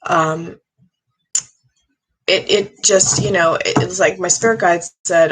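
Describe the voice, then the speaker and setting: A middle-aged woman, a psychic medium, giving an earnest, halting monologue with many restarts. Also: fairly low pitch, steady tone, fairly bright tone, slight background noise, rough recording. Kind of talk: casual monologue.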